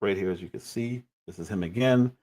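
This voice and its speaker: A man's voice: on the low side, a little fast, darkish tone. A man in his forties giving critical, exasperated commentary on clips during a livestream.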